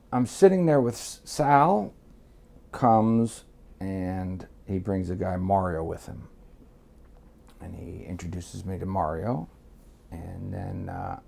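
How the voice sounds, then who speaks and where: A man's voice: low voice, vocal fry, dark tone. A man from Miami, telling a long story as an interview guest, swearing freely and acting out what others said. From Miami, United States. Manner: profane, rambling, acts out quotes. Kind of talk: casual storytelling.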